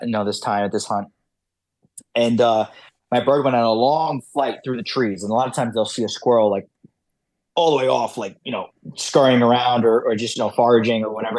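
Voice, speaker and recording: A man's voice: medium pitch, a little mellow, no echo. A man guest on a podcast, telling hunting stories casually, with many fillers and restarts. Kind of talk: casual storytelling.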